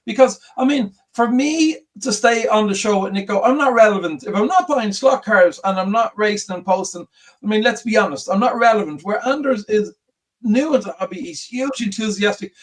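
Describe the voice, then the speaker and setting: An upbeat male co-host talks on a casual livestream in a notably high voice. He stresses his words with plenty of enthusiasm. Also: brisk, far from the mic. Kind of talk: casual chat.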